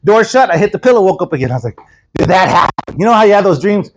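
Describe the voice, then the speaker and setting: A man's voice: high-pitched, racing. A man preaching a storytelling sermon, acting out the voices in his story and laughing often with the congregation. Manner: animated, acts out quoted voices.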